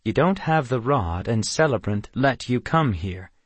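Guy doing a cold dark unicorn, firm clipped orders, storybook voice, dry close mic. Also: medium pitch, expressive, a little slow, slightly rough, dry recording. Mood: curt. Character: dark unicorn in man's form, cold and controlling. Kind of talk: audiobook character voice.

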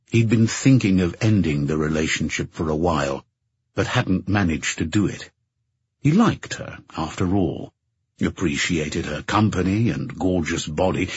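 A man narrating an audiobook in a measured, even storytelling manner. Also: deep voice, slightly rough. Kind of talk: scripted narration. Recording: dull dry narration recording.

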